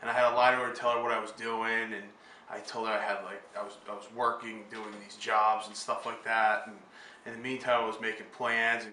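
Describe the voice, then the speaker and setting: A man's voice: fairly low pitch, little pitch movement, fairly quick, bright, forceful tone, a little hiss or hum. A man telling a story in a hesitant, self-deprecating way. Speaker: interviewee. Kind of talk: casual storytelling. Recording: roomy and distant from the mic.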